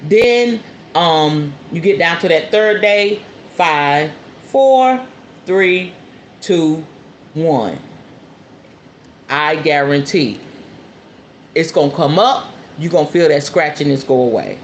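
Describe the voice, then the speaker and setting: A woman's voice: low voice, lively intonation, takes it slowly, long pauses, highs cut off. Blunt, salty woman in her forties. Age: 40s. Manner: blunt, salty and emphatic, scolding the listener. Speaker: podcast host and spiritual herbalist. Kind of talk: casual monologue to listeners. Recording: roomy echo with faint ambient noise.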